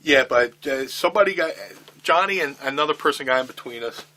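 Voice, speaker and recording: In an interview, a middle-aged man speaks briskly in a mid-range voice. He tells a candid, profane backstage story with animation, acting out what people said.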